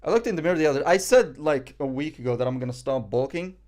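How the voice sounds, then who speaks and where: A man's voice: on the high side, lively intonation, fast, darkish tone. A man streaming live, reacting in casual chat; cocky, joking, profane and rambling.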